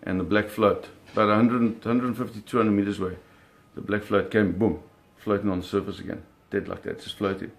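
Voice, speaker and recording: A man telling a personal story in an animated, vivid way, often restarting his phrases. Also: lowish voice, fairly quick, few pauses.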